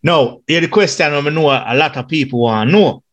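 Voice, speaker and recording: A man's voice: fairly high pitch, brisk. A Jamaican man co-hosting a podcast, asking questions in easygoing patois. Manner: easygoing, calling guest bro and man. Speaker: podcast co-host. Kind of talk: casual interview chat.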